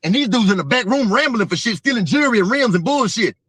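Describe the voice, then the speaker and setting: A man's voice: high-pitched, lively intonation, quick pace, a bit bright, slightly rough, no room sound. A man telling a profane, vivid story as an interview guest. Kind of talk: casual storytelling.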